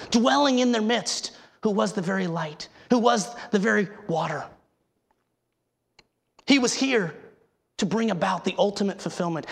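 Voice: mid-range voice, gravelly, a bit bright, slightly rough. A preacher giving an emphatic sermon, asking the listeners rhetorical questions and sometimes restarting words.

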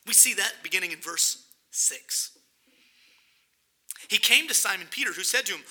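High, bright, gravelly-voiced male preacher. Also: moderate pace, long pauses. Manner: animated, dramatizing the scripture with acted-out voices. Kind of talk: sermon.

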